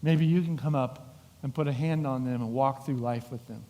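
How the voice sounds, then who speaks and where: A man's voice: mid-range voice, moderate pace. A middle-aged man preaching a sermon as pastor, telling the story vividly and acting out voices. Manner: animated storytelling with acted-out voices. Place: church sanctuary. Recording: long hall reverb.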